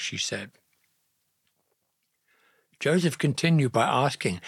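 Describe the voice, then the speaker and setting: Man narrating a bible story, slow, husky voice, dry close sound. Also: mid-range voice, no room sound. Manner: slow, gentle, earnest reading.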